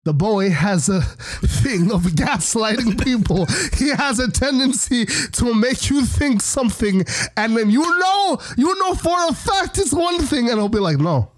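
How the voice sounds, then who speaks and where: A man co-hosting a podcast in casual chat, animated, swearing a lot and swinging between a deep voice and a high one. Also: unhurried, hardly any pauses. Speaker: podcast co-host.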